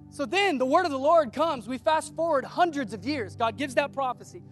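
High-voiced man preaching casually. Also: normal speed, few pauses, soft background music. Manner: animated storytelling, acting out quoted voices. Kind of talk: casual conversational sermon.

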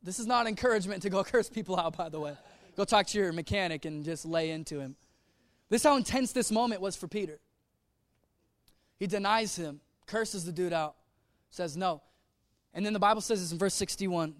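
A man preaching a sermon in a humorous, conversational way, dropping to soft, earnest tones. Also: sits high, brisk, no echo. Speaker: pastor.

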